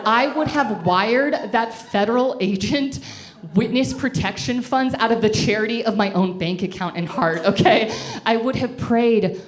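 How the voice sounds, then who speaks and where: A young adult woman from Colorado telling a funny story on stage, self-mocking and lively, jumping into exaggerated voices. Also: fairly high pitch, moderate pace. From Denver, Colorado. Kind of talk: live comedic storytelling. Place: stage before a live audience.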